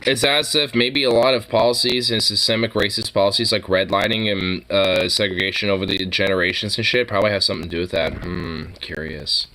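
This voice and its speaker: A man's voice: fairly low pitch, fairly even intonation, fairly quick, hardly any pauses, bright, forceful tone, low-quality recording. A man streaming a reaction to videos, talking in a casual, rambling way that is heavy with fillers, restarts and swearing.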